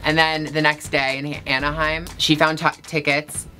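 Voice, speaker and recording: A woman hosting a casual vlog, telling lively stories with plenty of swearing and acted-out quotes. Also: low-pitched, normal speed. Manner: animated storytelling, swearing, lively quoted voices. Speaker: vlog host. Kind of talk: casual chat.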